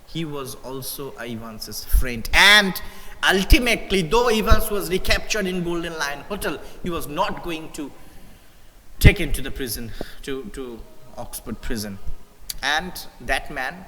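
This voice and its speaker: A high, bright male voice with an Indian English accent, teaching a live English literature lesson. He reads a passage and then goes over it again in simpler words, with frequent "uh" and "you know." The sound has a long reverb and faint noise behind it. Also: lively intonation, unhurried. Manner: reads a passage, then explains it with fillers and repeats.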